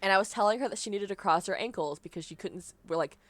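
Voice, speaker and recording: A young adult woman livestreams a game with a mid-range, fairly bright voice, talking fast. She chats casually, rambles, and often breaks into laughter. The recording is dry.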